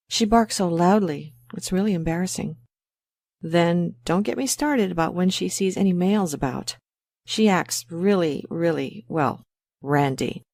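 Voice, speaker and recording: A woman's voice: on the low side, a little mellow, no echo, clean studio sound. A woman playing a worried dog owner in a scripted exam listening dialogue, chatty and a little embarrassed. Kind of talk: scripted exam role-play.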